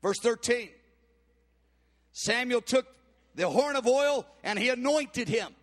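A man preaching a sermon, retelling a Bible story in an animated way and acting out the characters' voices. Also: extremely high pitch, slow. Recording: long hall reverb.

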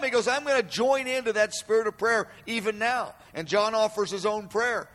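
Guy preaching a sermon, high bright voice, lots of hall reverb, keeps repeating himself for emphasis. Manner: emphatic, repeats phrases, swells loud and slow on quoted cries. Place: room with an audience.

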